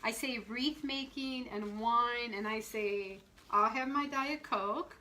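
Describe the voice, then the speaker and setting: A middle-aged woman shop owner leads a casual live wreath-making demo, chatting and laughing as she greets viewers by name. Her voice is bright and sits a little high. A faint hum of the room runs underneath. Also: takes it slowly, low-quality recording.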